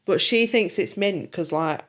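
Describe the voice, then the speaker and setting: Woman, low-ish voice, loose and giggly book-club chat. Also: a little slow. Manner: laughs often, trails off mid-sentence. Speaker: podcast co-host.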